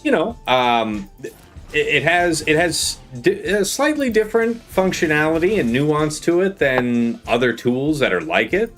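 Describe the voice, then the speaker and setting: A man's voice: on the high side, sing-song, a little slow, fairly bright tone, soft background music. A man hosting a live gaming stream, chatting casually with guests while he plays. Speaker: streamer host.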